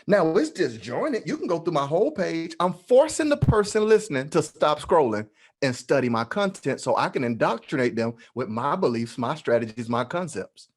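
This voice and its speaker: A man's voice: on the high side, moderate pace, husky. A man speaking as a guest at an online meetup, giving a playful, preacher-like motivational talk. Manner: animated, playful, preacher-like delivery. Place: online meeting.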